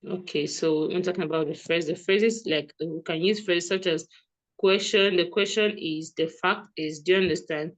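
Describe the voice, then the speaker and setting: A woman teaches English grammar to one student over a video call. Her voice sits a little low, and she explains step by step, repeating examples and asking if the student follows. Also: moderate pace, poor audio. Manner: patient, checks understanding often. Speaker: English tutor. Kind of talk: online one-to-one grammar lesson.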